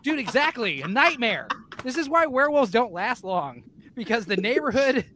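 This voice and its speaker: A man with a notably high voice, talking loosely on a podcast. He rambles, swears often and throws himself into acting things out. It sounds like a relaxed chat between friends. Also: moderate pace, a little hiss or hum. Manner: rambling, animated, swears freely, acts out scenes. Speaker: podcast co-host.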